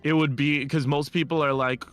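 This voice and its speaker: A man's voice: fairly high pitch, little pitch movement, moderate pace, a bit bright, soft background music. A man from Ireland, chatting on a stream and telling stories in a cocky, teasing way. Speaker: collab guest streamer. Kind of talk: casual chat.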